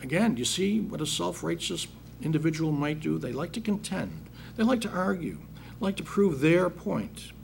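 A man's voice: a little high, lively intonation, moderate pace, creaky, a little hiss or hum. A man teaching a Bible passage, reading verses aloud and then explaining them in plain words with emphatic rhetorical questions. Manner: reads scripture then paraphrases it plainly. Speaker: preacher.

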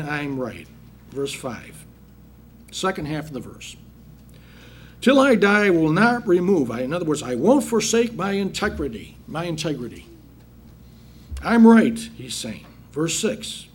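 A preacher with a slightly high, darkish voice reads Bible passages and then puts them into simple everyday terms. He calls the congregation brethren, and a little hiss or hum runs under the recording.

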